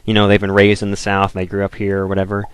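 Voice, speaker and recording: A man's voice: lowish voice, completely flat delivery, very fast, clean tone, no echo. A young man in college giving casual, rambling commentary over a game, packing his talk with fillers. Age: young adult. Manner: rambling, filler-heavy, lots of "like". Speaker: let's play commentator.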